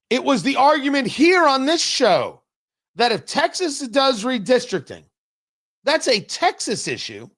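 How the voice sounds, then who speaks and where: Lively, animated male talk host. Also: very high voice. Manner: animated and sarcastic, talking straight to listeners. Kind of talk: opinionated political commentary.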